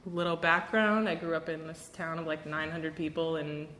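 A woman's voice: low-pitched, level tone, moderate pace, a bit bright, roomy sound, a little hiss or hum. A young woman from Wisconsin giving a candid, self-deprecating personal testimony at a recovery meeting, with a lot of fillers and laughter.

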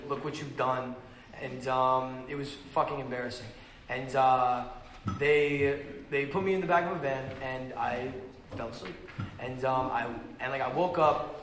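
A man's voice: medium pitch, fairly even intonation, a little slow, a bit bright, a little hiss or hum. A young man telling his recovery story at a meeting, swearing and rambling, with lots of fillers. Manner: profane, rambling, loose storytelling with frequent fillers. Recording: echoey room with faint ambience.

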